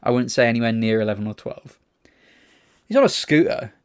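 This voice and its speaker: A man's voice: mid-range voice, big pitch swings, a little fast, clean tone, dry recording. Male co-host from England, casual anecdotal delivery, swears, dry sound. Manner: chatty anecdotes with swearing and laughter. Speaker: podcast co-host. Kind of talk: casual chat.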